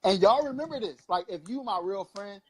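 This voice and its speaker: High-voiced man preaching with profanity. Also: expressive, fairly quick, slightly rough. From Long Beach, California. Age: 30s. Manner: impassioned, profane, rambling preaching. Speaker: co-host. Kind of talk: casual political chat show.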